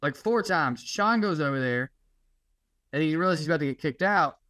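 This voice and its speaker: A slightly high-pitched man, a comedian, spins a profane, animated story about a heckler on a podcast. He talks loosely and swears freely. The close mic gives a dry sound with no room echo. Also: moderate pace. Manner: profane, animated retelling of a stand-up gig. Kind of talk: casual storytelling chat.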